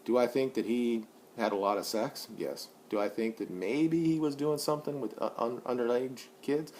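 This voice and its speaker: A man in his forties vlogging an opinion monologue, blunt and profane, rambling with many restarts, and rising loud and high when he gets worked up. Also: normal speed, slight background noise. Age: 40s.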